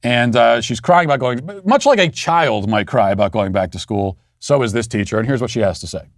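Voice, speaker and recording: Male show host, mid-pitched, sarcastic and mocking, dry close studio sound. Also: expressive, a little fast, dry recording. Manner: mocking, does sneering voices of opponents. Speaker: political commentary host. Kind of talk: sarcastic political commentary monologue.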